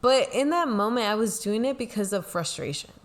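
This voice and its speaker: A woman's voice: on the high side, lively intonation, fairly quick. A young woman co-hosting a talk show, telling a personal story in a rambling, casual way, full of "like" and "you know.". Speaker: podcast co-host, pastor's kid. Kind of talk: casual confessional chat.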